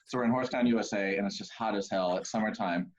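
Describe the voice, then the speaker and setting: Male pastor, casual storyteller, animated impressions, dull low-fidelity recording. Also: quick pace. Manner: animated, acts out characters in high voices.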